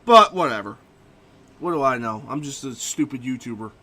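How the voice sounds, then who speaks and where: Streaming a game, this young man rants profanely and casually about books he has read. He speaks at a moderate pace in a medium-pitched, animated voice with a pushed, bright quality.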